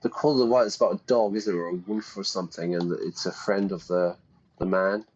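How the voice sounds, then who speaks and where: A man casually commenting while playing a game, chatty and playful, thinking out loud. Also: deep voice, steady tone, brisk, breathy edge, lo-fi sound. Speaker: teacher playing a game for learners.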